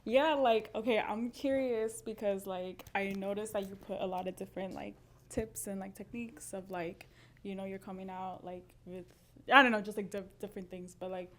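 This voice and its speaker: A woman's voice: medium pitch, fairly even intonation, normal speed. A woman in the audience asking a question, hesitant and full of fillers, trailing off mid-thought.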